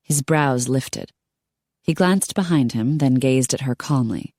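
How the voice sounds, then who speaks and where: A woman narrating an audiobook in a steady storytelling manner. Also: rumbling low, unhurried, no room sound, clean studio sound. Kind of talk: scripted narration.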